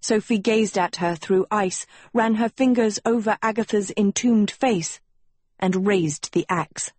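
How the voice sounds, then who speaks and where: Slow, husky woman narrating a fairy tale. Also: mid-range voice, no echo. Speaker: audiobook narrator. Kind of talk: scripted narration.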